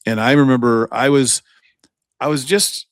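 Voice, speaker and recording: A man's voice: mid-range voice, normal speed, dry recording. Profane storytelling man, dry sound. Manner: profane, animated anecdote-telling. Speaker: podcast co-host. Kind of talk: casual storytelling chat.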